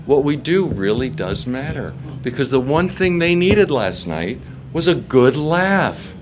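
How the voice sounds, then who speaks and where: A man's voice: medium pitch, unhurried, slight background noise. An older man, a voice actor, telling a long story in a convention interview and acting out the people he quotes. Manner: animated storyteller who acts out quoted voices. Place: convention press room.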